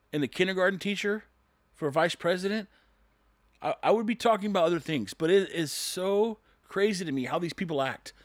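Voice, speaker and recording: A man's voice: on the high side, dry recording. A man, a construction worker, in a sarcastic, rambling opinion monologue to his viewers.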